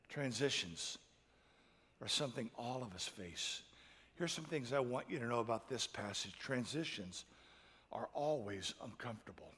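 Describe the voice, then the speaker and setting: A middle-aged man preaching a sermon, telling a personal story in an emotional way that builds to loud, impassioned peaks. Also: mid-range voice, expressive, normal speed, in a large hall. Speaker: pastor.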